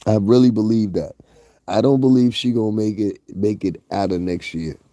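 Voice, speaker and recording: A man with a Northeastern US accent delivers casual gossip commentary in a blunt, profane way, talking straight to his viewers. His voice sits fairly low and mellow. The recording is close and dry, with no room sound. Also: moderate pace, no room sound. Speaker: commentary vlogger.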